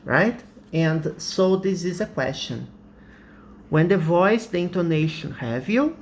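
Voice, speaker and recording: Slow, patient male English teacher. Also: on the high side, a little hiss or hum. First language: Portuguese. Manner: patient, repeats examples with rising tags, laughs often. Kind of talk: slow explanatory lesson.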